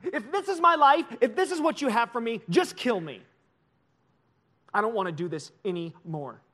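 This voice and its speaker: A man's voice: very high voice, expressive, normal speed, a bit bright, pitched above the performer's own voice, exaggerated voice. A preacher acting out a weary, desperate male prophet who pours out raw, pleading complaints to God. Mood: anguished.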